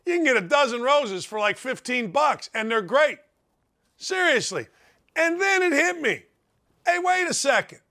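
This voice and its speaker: A middle-aged man hosting a sports talk show, giving a brash, folksy, animated monologue and ribbing his listeners. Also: extremely high pitch, measured pace. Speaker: sports radio host.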